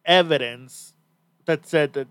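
A man's voice: on the high side, slow pace, fairly bright tone, clean tone, no echo. A man hosting a podcast in casual chat, talking bluntly and swearing freely. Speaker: podcast host.

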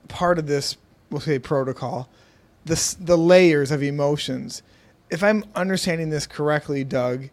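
A man's voice: fairly high pitch, a little mellow. Curious man host asking questions. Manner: curious, checking his understanding with questions. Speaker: podcast host. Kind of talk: conversational interview.

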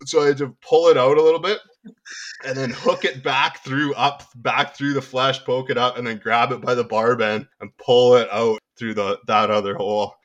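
A man's voice: mid-range voice, steady tone, moderate pace, muffled recording. A young man telling a rambling, profane story among friends, with casual chat and frequent laughter.

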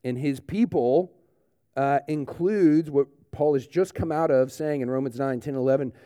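A man preaching a sermon in a relaxed, conversational way, often dropping in "like" and "you know". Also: medium pitch, normal speed, smooth, no room sound, studio quality. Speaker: pastor. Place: church.

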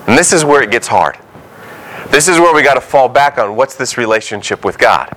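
A man's voice: medium pitch, animated, fairly quick, a bit bright, a little hiss or hum, poor audio. A man preaching a sermon as a pastor, talking conversationally and acting out short quoted voices.

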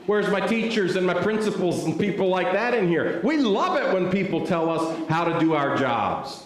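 A man preaching a storytelling sermon, animated and joking as he acts out scenes for a live audience. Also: on the high side, unhurried, slight background noise. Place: hall with audience. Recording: echoey hall.

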